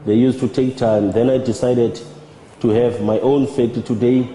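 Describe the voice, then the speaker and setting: A man giving a measured, halting personal testimony as a church member. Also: mid-range voice, fairly even intonation, warm tone, a little hiss or hum. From South Africa. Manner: measured, halting, with repeated words. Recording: roomy with long reverb and faint music.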